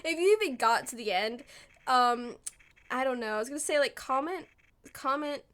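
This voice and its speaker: A woman's voice: fairly high pitch, animated, brisk, a bit bright. A young woman talking over her game build footage, rambling and apologizing with a self-deprecating, laughing manner. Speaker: gaming video creator.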